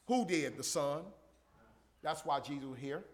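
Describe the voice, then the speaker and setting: A man preaching a sermon to a congregation, asking rhetorical questions and building up to shouts. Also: fairly high pitch, lively intonation, unhurried. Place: church.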